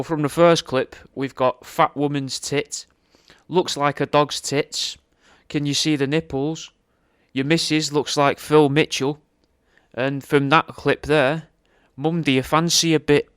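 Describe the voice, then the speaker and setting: Male podcast host, offhand and crude, smooth voice, dry close sound. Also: fairly high pitch, a bit bright, dry recording. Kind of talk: casual podcast chat.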